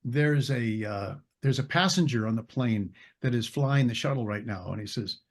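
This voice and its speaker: An older man, an actor appearing as an interview guest, tells rambling casual anecdotes, searching for names and laughing as he goes. He speaks at medium pitch and a moderate pace.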